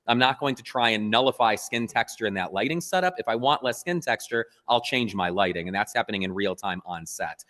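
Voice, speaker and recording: A man, a photographer, being interviewed, telling stories in an earnest, animated way. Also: on the low side, fairly quick, few pauses, big-room sound. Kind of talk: casual interview talk.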